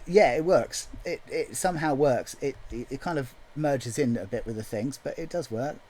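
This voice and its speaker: A man's voice: medium pitch, moderate pace, a little mellow, faint music behind. A man chatting casually as he writes a song, thinking aloud in a jokey, self-deprecating way. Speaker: songwriter. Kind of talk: casual chat while writing a song.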